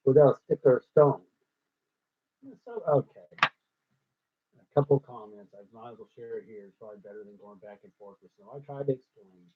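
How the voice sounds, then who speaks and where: A man hosting his own show, ad-libbing and thinking out loud as he tries rhyming lines, swinging between loud and hushed. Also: lowish voice, brisk, slight background noise. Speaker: host working out rhymes. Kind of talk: ad-libbed musing monologue. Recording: tinny phone-like sound.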